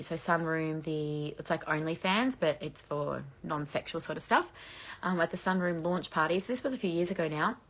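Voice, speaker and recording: A woman hosting a gossip livestream, chatting fast and casually while reading comments, her voice croaky and going hoarse. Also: lowish voice. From Australia. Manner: fast-talking, chatty, laughs often. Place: bedroom at home with laundry drying.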